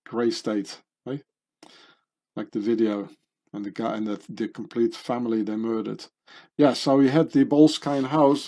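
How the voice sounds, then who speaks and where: Slow, dark-toned rambling man. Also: mid-range voice. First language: German. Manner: meandering, many fillers and restarts. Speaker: commentator. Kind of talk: rambling monologue over images.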